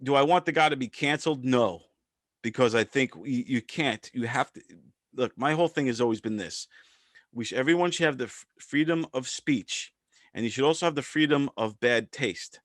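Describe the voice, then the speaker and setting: A man's voice: mid-range voice, normal speed, no echo, studio quality. A man co-hosting a podcast, talking casually and rambling with frequent restarts and stammers. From part Filipino descent. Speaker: podcast co-host. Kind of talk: casual commentary chat.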